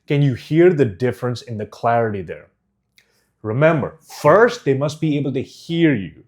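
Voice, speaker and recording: A man teaching a speaking course, speaking deliberately and clearly enunciating each syllable with emphasis. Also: mid-range voice, expressive, darkish tone. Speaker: speaking coach. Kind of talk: instructional course.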